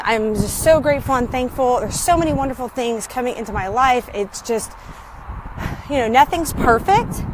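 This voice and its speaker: A woman's voice: a little high, noisy background. A middle-aged woman and business coach talking in a chatty, upbeat motivational vlog, filmed on a phone outdoors in her neighborhood. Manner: chatty, upbeat, greets neighbors mid-talk.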